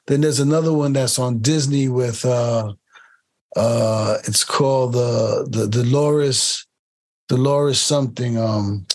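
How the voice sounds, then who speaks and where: A man speaks in a relaxed interview about his work as a casting director. His voice sits at an ordinary middle pitch, and he rambles, circling back and repeating words as he finds his point. Now and then he mimics other people's accents to tell a story. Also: slow. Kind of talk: casual interview conversation.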